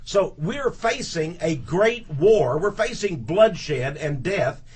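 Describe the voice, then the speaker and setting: A man on a talk radio show as a studio guest, with a husky voice pitched a little high. He speaks emphatically and with indignation, hammering key words by repeating them. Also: lively intonation, slow pace, a little mellow.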